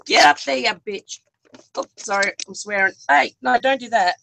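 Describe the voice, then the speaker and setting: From their bedroom, a livestream co-host with an Australian accent chats casually, giggling often and talking straight to viewers and the chat via a phone on a selfie stick. The voice is mid-range, gravelly and sharp at a normal speed, and the low-quality recording carries a little hiss or hum.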